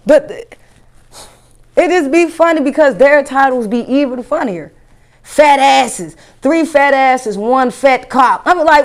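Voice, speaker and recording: Animated, profane woman comedian. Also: sits high, a little slow. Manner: animated, incredulous, crude and profane. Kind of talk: stand-up comedy rant.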